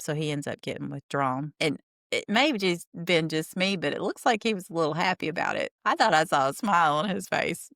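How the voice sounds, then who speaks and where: A woman's voice: low-pitched, creaky, a bit bright, no echo, studio quality. A woman hosting a podcast, recapping a TV show in a chatty, wry, gossipy way. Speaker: podcast host. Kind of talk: casual TV recap.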